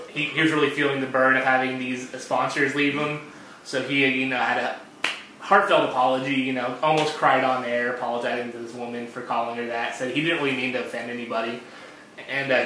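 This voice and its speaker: A man co-hosting a casual podcast chat, rambling and halting, full of fillers and repeated words. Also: medium pitch, bright, forceful tone. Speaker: podcast co-host. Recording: very echoey room with faint noise.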